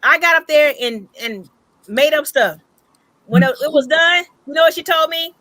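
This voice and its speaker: High, bright-voiced woman hosting a chat. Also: moderate pace, no echo. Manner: animated storyteller, laughs often. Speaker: host. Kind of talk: casual chat. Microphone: online call.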